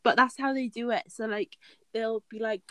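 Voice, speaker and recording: A woman's voice: fairly high pitch, fairly even intonation, normal speed, a bit bright, clean tone, dry recording. A woman in casual podcast chat, giggling and giving advice. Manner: giggly, chatty, gives advice.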